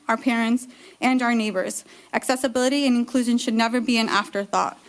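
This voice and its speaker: A woman speaks to a city council from a prepared text, earnest and steady, with the odd "um". Her voice sits a little high. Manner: earnest, steady, with small fillers. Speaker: public commenter, nonprofit co-founder. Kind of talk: prepared public comment read aloud.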